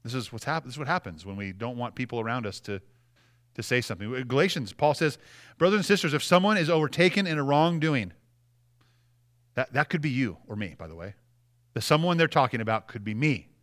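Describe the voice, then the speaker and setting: A man's voice: medium pitch, expressive, fairly quick, fairly bright tone. A man preaching a sermon with passion, often repeating words as he stresses a point. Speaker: pastor.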